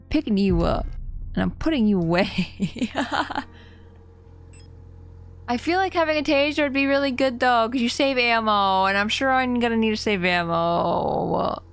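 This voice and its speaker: A woman's voice: on the high side, lively intonation, measured pace, creaky, soft background music. A young woman in casual live-stream commentary, giggly and chatty, easily startled as she plays. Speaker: game streamer.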